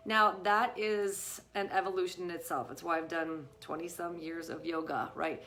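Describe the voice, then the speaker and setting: A woman's voice: on the low side, fairly even intonation, moderate pace, a bit bright, slight background noise. A middle-aged woman vlogging casually to her viewers on a live stream, chatty and full of fillers. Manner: chatty, many fillers like "you guys" and "right?". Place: home with a dog nearby. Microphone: phone or camera on a live stream.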